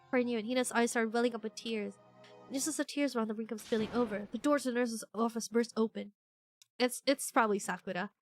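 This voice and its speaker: A woman streaming a visual novel, chatting casually and reading the characters' lines aloud with lively, shrill put-on voices. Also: quick pace, soft background music.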